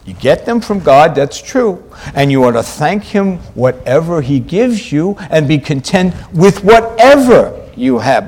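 A male preacher delivering a sermon in a deliberate, unhurried cadence. His voice sits a little high for a man. He hammers points home by repeating them, rising to loud peaks and then dropping almost to a hush. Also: very animated. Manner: emphatic, repeats key phrases, swings from loud highs to quiet lows.

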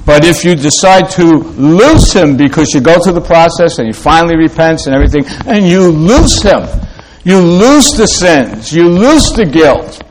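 A man preaching a sermon in a halting way, with many fillers and restarts, slowing down to read scripture aloud. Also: fairly high pitch, rough recording.

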